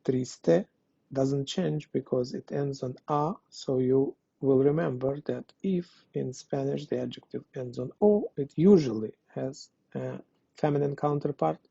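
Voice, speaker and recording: Slow, gravelly-voiced man teaching. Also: mid-range voice, warm tone, dry recording. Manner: methodical, explains step by step with translations. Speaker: Spanish teacher. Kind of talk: online language lesson. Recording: dull lo-fi dry recording.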